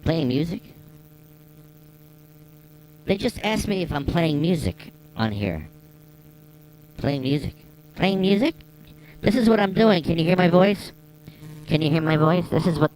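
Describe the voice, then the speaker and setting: Man running a voice changer as a goofy jokester, pitch-shifted up, swooping, self-amused, faint hum behind. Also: a little mellow, low-quality recording. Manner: playful, jokey, self-amused. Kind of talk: casual live-stream banter. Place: home.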